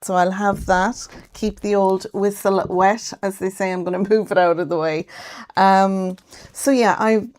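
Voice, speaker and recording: A woman's voice: mid-range voice, fairly even intonation, measured pace, darkish tone. An Irish woman hosting a casual craft livestream from her home craft room, chatting and greeting viewers by name. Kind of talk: casual live-stream chat.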